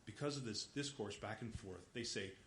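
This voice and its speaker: A low-voiced man gives an informal lecture, retelling a story in a loose, rambling way. He fills pauses with "uh" and "you know" and keeps correcting himself as he goes. The recording sounds roomy and echoey, with a faint hiss underneath. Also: fairly bright tone. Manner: rambling, filler-heavy, self-correcting. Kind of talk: casual lecture retelling an opera plot.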